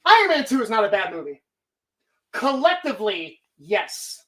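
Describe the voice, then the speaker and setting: A woman's voice: mid-range voice, very animated, moderate pace, bright, forceful tone. A woman hosting a live stream, talking casually in a rambling, profane way. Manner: rambling, heavy swearing. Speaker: streamer host.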